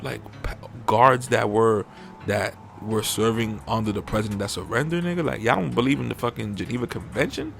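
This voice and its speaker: A young man, hosting a podcast in a profane, animated rant that jumps into mocking high-pitched impressions. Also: a little fast, creaky, soft background music. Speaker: podcast host. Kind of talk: casual uncensored podcast rant.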